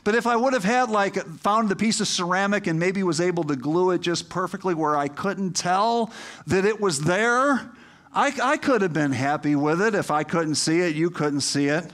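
A man's voice: high voice, moderate pace, fairly bright tone. A male pastor preaching a sermon in a conversational, emphatic way that builds to rousing appeals.

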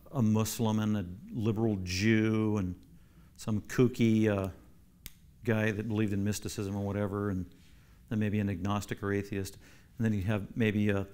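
A man, a pastor, teaching a Bible class, emphatic and repeating key phrases for stress while asking the class questions. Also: mid-range voice.

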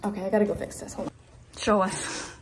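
This is a woman from Colorado with a Mountain West accent, talking casually in a home vlog. She is playful and giggly, with a mid-pitched voice. Faint kitchen noises sit in the background. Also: level tone, quick pace, slight background noise. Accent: American Mountain West. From Colorado, USA. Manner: playful, giggly, trying out Arabic words. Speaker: vlogger. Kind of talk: casual couple vlog chat.

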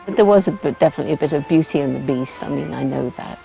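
Low gravelly woman in her seventies. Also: fast talker, dark tone, faint music behind, rough recording. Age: 70s. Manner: laughs often while telling stories. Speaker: interviewee, primatologist. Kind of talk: casual interview answers. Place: outdoors in a forest.

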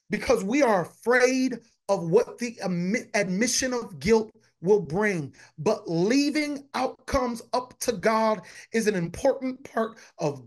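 A man, a pastor preaching a conversational sermon, repeating phrases and talking to his congregation directly. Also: extremely high pitch.

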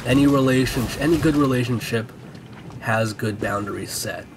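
A man's voice: mid-range voice, normal speed, background noise. A man casually commentating a video game, joking and sarcastic, with muttered asides. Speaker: gameplay commentator.

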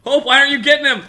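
A man's voice: very high voice, pushed and bright. A young man co-hosting casual gaming commentary, playful and laughing often. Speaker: let's play co-host.

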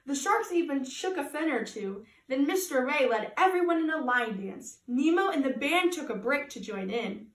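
A woman reading a children's storybook with a high, very lively voice and chatty asides of her own. She sounds set back from the mic in an echoey room. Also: moderate pace, few pauses, far from the mic. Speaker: party entertainer reading a story.

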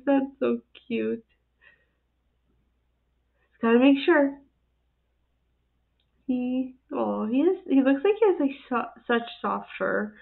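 A woman chats through her reactions in an unhurried, giggly way and laughs often between remarks. Her slightly high voice has a gravelly fry, and the sound is thin and tinny like a phone line. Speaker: host of an animal video reaction channel. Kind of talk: casual reaction commentary.

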